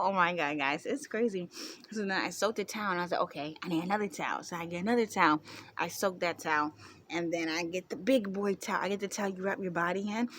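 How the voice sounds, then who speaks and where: A woman's voice: lowish voice, a bit bright, slight background noise. Chatty young woman telling a story. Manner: chatty, laughing often, many fillers. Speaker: vlogger. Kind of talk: casual storytelling to camera.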